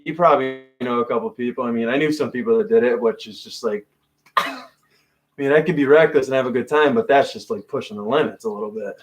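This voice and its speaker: A man in a casual podcast chat who rambles through stories, peppering them with curses and "like"s. His voice sits in a plain middle pitch. He rarely finishes a thought before starting the next. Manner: rambling storyteller, frequent swearing and fillers. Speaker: podcast co-host.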